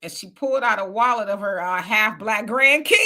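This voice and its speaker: A woman co-hosting a casual livestream, reading viewer comments aloud and telling animated stories. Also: medium pitch. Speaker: co-host reading live chat.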